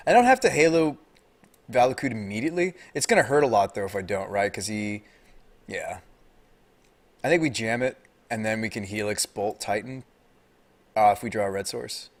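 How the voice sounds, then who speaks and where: An American man streaming a card game live, commenting casually and talking to his chat, getting loud and high-pitched when tense. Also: normal speed, long pauses. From United States.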